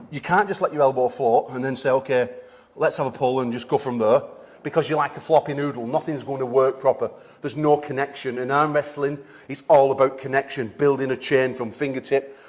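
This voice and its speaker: A man coaching arm wrestling in a gym seminar, a little out of breath, energetic and checking in with "okay?" often. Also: on the high side. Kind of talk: instructional seminar demonstration.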